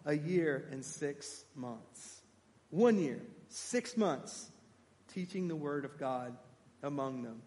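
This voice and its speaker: Animated high-voiced male preacher. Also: slow, long reverb tail. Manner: animated, emphatic, asks the congregation questions. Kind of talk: sermon.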